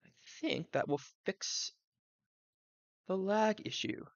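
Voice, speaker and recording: A man's voice: sits high, takes it slowly, no room sound, dull audio. A man from the Southern US, streaming live and thinking aloud, rambling with fillers and side tangents.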